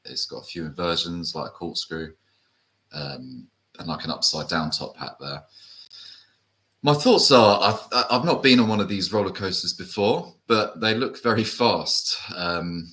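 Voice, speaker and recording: A man's voice: deep voice, a little slow, fairly bright tone. A man from the UK co-hosting an enthusiast show, chatting hesitantly with fillers and tag questions. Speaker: co-host. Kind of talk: casual chat.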